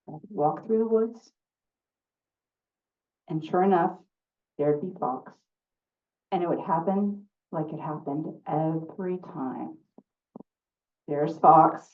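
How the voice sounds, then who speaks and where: A woman storyteller telling a folk tale at a live story slam, slow and deliberate with refrains. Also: low voice. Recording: distant phone-like sound.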